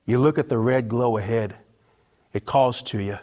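A man narrating a story in the second person, in an expressive, intimate, vivid way. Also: medium pitch, normal speed.

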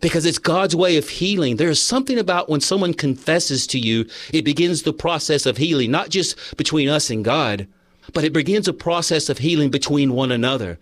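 A man's voice: on the high side, expressive, fairly quick, dry recording. A man preaching a sermon, earnest, telling personal stories and reading passages aloud from a book. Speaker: pastor.

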